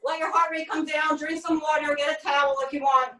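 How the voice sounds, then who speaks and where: A woman's voice: sits high, little pitch movement, a little fast, bright, forceful tone. A woman fitness coach leading a workout, counting reps and giving upbeat step-by-step cues, recorded in an echoey room with the mic at a distance. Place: home workout space.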